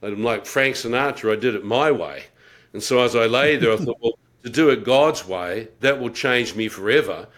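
A middle-aged man tells his personal testimony with a wry, self-mocking humour. He acts out his own thoughts vividly as he goes, and his pitch sits in an ordinary middle register for a man. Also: normal speed, fairly bright tone. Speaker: guest telling his conversion story.

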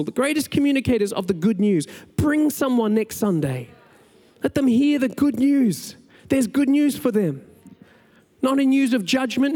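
A man preaching a conversational, energetic sermon as pastor. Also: very high voice. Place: church sanctuary. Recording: large hall with long reverb, faint music.

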